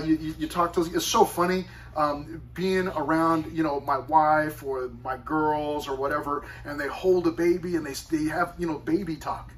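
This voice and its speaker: A man's voice: a little high, a bit bright. A male pastor preaching a sermon in a conversational, storytelling way with chatty asides. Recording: voice far from the mic.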